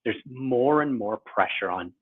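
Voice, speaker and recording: In his forties, this guest author walks through his career in a conversational interview, thoughtful and mildly self-deprecating. His medium-pitched voice is slightly rough and unhurried, with lively intonation, and the audio is tinny, like a phone line.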